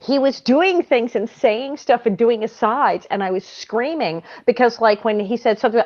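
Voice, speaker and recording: A woman's voice: a little high, normal speed, hardly any pauses, darkish tone, muffled recording. A woman, the guest, chatting casually from her living room in a giddy, effusive way. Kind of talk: casual chat.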